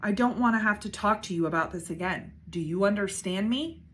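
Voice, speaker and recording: A woman voicing a stern, tired father giving a firm, measured lecture in a storybook read-aloud. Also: medium pitch, natural voice.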